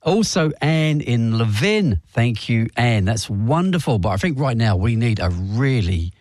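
A man co-hosting a radio fundraising drive, warm and effusive, thanking listeners by name. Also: medium pitch, big pitch swings, unhurried, no room sound, clean studio sound. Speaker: radio co-host. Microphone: studio microphone.

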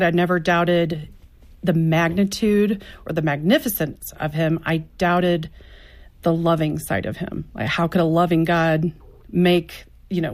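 Earnest low-voiced woman guest. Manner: earnest, reflective, quotes her own prayers. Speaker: podcast co-host and author guest. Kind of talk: candid talk show conversation.

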